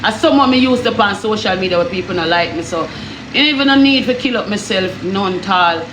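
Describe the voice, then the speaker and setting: A woman's voice: medium pitch, expressive, a little fast, roomy sound, noisy background. A woman with a Jamaican accent telling her own story in a heated, emphatic way, often stopping to ask if you understand.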